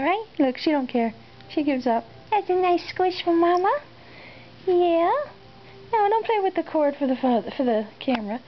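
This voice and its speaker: A woman's voice: extremely high pitch, slight background noise. A woman filming her cat at home, talking to it in sing-song baby talk and meowing at it, on a dull, lo-fi home video. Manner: sing-song, playful, meows and woofs at the cat. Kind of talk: cooing baby talk to a pet.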